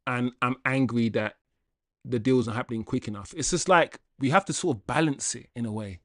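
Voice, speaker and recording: Male livestream host, casual and animated, addresses chat directly, dry sound. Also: mid-range voice, fairly quick, no echo. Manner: animated and chatty, laughs often, addresses chat as guys. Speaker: football channel livestream host. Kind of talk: casual livestream chat reading viewer comments.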